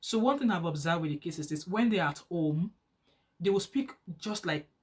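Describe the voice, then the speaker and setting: Chatty Nigerian woman vlogger. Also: husky. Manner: chatty and animated, rising higher when excited. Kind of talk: casual chat to camera.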